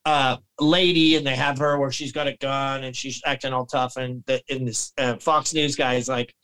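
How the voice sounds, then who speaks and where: A man's voice: medium pitch, flat delivery, normal speed, a bit bright, clear, resonant tone, rough recording. A man on a podcast in rambling, heated casual chat, often slipping into mocking voices.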